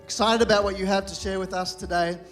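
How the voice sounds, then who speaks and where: A man introducing the guest preacher at a church service, speaking in an earnest, measured and slightly hesitant way. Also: high-pitched, steady tone, a bit bright, faint music behind. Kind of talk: formal introduction.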